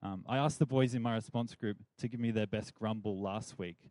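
A man's voice: lowish voice, brisk, a little mellow, dry recording. A young man giving a chatty, playful Bible talk to a youth group and leading them in call-and-response.

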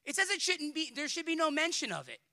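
A man preaching a sermon as pastor, pleading and emphatic, dropping into casual asides and repeating himself when he builds up steam. His voice sits fairly high and rings with a very bright, forceful, cutting edge. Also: huge pitch swings, fast. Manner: colloquial asides and repeated words.

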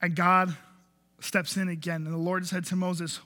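A man's voice: sits high, flat delivery, normal speed, bright, forceful tone, big-room sound. A man preaching a sermon, telling the story and repeating key phrases for emphasis. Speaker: pastor.

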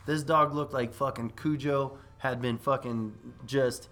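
A man casually telling a war story on a podcast, profane and animated, laughing as he goes. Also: mid-range voice, measured pace. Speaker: veteran storyteller.

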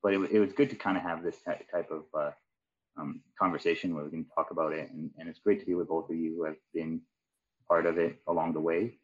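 Husky man rambling in casual chat. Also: low voice, steady tone, fast talker, muffled recording. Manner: rambling, many fillers and restarts. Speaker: departing guest.

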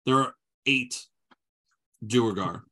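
A man narrating as game master in a tabletop game, halting and restarting often, with plenty of fillers. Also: mid-range voice, sharp tone.

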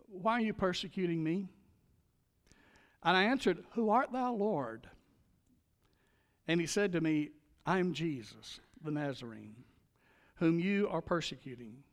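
A man's voice: a little high, fairly bright tone. An older man preaching a sermon as pastor, retelling scripture with dramatic emphasis. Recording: long reverb of a large hall.

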